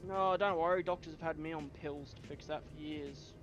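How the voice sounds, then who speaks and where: A man's voice: a little high, fairly even intonation, a little fast, lo-fi sound, over music. Blunt, foul-mouthed Australian man. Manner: blunt, swears constantly. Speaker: gamer in voice chat. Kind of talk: casual chat.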